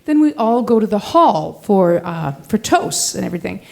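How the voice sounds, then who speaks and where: A woman in her fifties telling a personal story on stage at a live storytelling event, animated and laughing as she acts out the people in it. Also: medium pitch, moderate pace, vocal fry.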